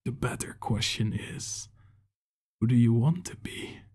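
A man voicing a mysterious male wanderer with a raspy voice who taunts quietly and calmly. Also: mid-range voice, a little slow. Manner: quiet, calm, whispery taunting.

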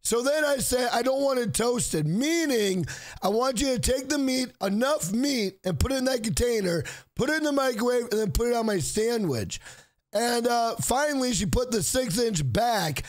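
A man, hosting an exasperated storytime vlog about a bad fast-food visit. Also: very high-pitched, expressive. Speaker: channel host.

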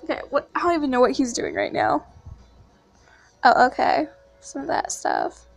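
A young woman casually vlogging to her channel, gushing and excitable like an overjoyed fan. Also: high-pitched, moderate pace, creaky, long pauses, faint music behind. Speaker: YouTuber. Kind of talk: casual vlog chat.

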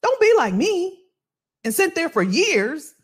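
A woman's voice: extremely high pitch, takes it slowly. A woman podcast host giving a candid motivational talk, telling stories and acting out her old gossip. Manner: animated storytelling, acts out her past gossip.

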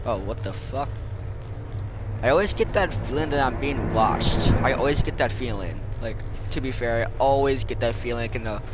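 A man's voice: mid-range voice, normal speed, music in the background. A young man giving rambling horror game commentary, swearing and jumpy, with lots of filler words. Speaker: gamer.

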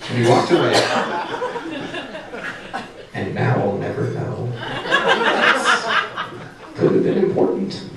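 A man performing a standup comedy set on a brewery stage, animated and jumping to high shouted voices for the punchlines. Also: slow, gravelly, pauses often. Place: brewery stage, live audience. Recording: echoey room recording from a distance, noisy.

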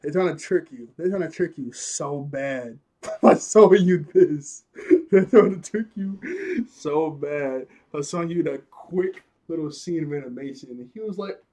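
A man's voice: a little high, lively intonation, measured pace, darkish tone. A man casually recapping an anime episode, rambling and laughing often as he acts out characters' lines. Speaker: anime reviewer.

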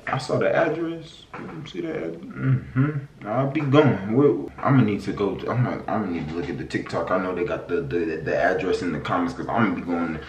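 A man hosting a casual reaction vlog, animated and exclamatory, swearing freely and a little out of breath. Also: low-pitched, moderate pace, hardly any pauses, distant mic. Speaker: YouTube host reacting to food videos. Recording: roomy, off-mic, faint hiss.

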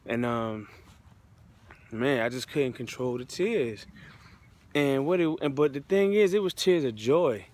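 A man's voice: mid-range voice, animated, measured pace, long pauses, a little mellow. A man speaker telling his own testimony in a casual, heartfelt way, with loose slang. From United States. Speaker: motivational speaker. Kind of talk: personal testimony storytelling.

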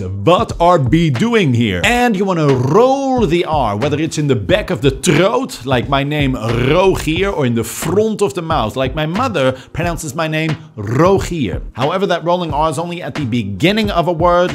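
A man from the Netherlands giving a playful video lesson as an accent coach, drawing sounds out to show them. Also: fairly high pitch. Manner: playful, demonstrative, draws sounds out. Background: faint music.

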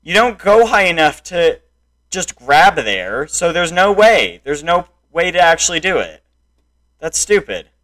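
A young man in raging gameplay commentary, frustrated, swinging between muttered complaints and loud shouts at the game. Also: a little high, big pitch swings, a little slow. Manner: frustrated, yelling and insulting the game. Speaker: gameplay streamer.

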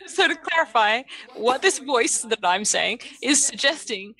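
Casting: tabletop player, bright, crisp tone, hesitant. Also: female voice, fairly high pitch, lively intonation, a little slow. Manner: hesitant, thinking aloud. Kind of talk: casual tabletop play.

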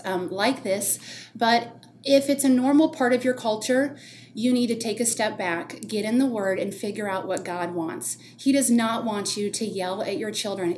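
A woman's voice: mid-range voice, darkish tone, slight background noise. A woman co-hosting a faith and parenting podcast, speaking earnestly and quoting scripture. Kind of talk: casual chat on faith and parenting.

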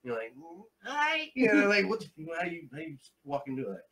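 Male comedian guest, high-ish voice that swoops around a lot, animated storyteller who curses freely. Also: racing, low-quality recording. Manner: animated, swears freely, acts out quoted people. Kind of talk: storytelling in casual chat.

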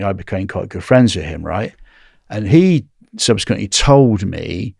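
Low and marked by vocal fry, this middle-aged man's voice comes through clean studio sound with no room sound. A guest from England in an informal interview, he animatedly retells conversations, frequently adding "right?" to his lines.

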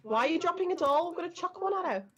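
Panicky high-pitched woman gamer. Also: animated, very fast, a bit bright, muffled recording. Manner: panicky, whiny, swearing. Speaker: co-op gaming partner. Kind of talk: frightened game chat.

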